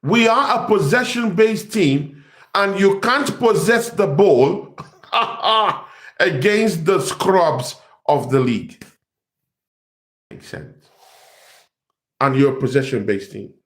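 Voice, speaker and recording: A man's voice: high-pitched, lively intonation, slow, pauses often, fairly bright tone. A young man, host of a football fan channel, ranting in exasperation and repeating himself. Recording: echoey room.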